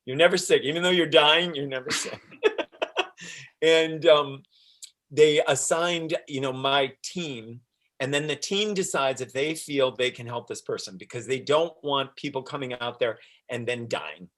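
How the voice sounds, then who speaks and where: A man with a slightly bright, mid-range voice talks a little slowly as he looks back on being an interview guest. His casual retelling is animated, full of acted-out dialogue and plenty of laughter.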